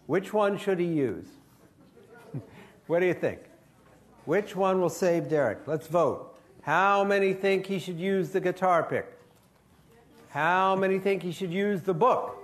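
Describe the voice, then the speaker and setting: An older man, a children's author, spins a ghost story slowly and deliberately for a crowd of kids. His voice sits a touch high for a man, and he keeps prompting the audience to shout answers back. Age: 60s. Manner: animated, coaxing the audience for answers. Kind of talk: interactive live storytelling.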